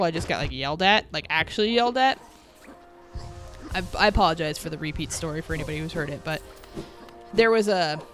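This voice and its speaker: This woman in her thirties, a game streamer, has a lowish, fairly bright voice. On her live stream she talks casually, laughs a lot, tells stories, and reads out viewer comments before responding to them.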